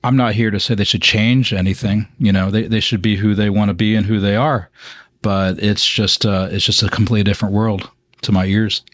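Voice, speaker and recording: A wry man co-hosting a car podcast, with a low voice recorded dry and close. He muses aloud and often stops to restart his sentences. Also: level tone, a bit bright, no room sound. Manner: wry, musing, talks in halting restarts. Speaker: podcast co-host. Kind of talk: casual car podcast chat.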